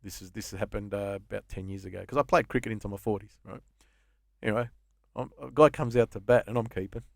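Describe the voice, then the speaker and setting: Man, 50s, Australian accent, rapid swearing storyteller, dry close sound. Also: on the low side, gravelly, no echo. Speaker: guest comedian. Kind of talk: casual podcast chat.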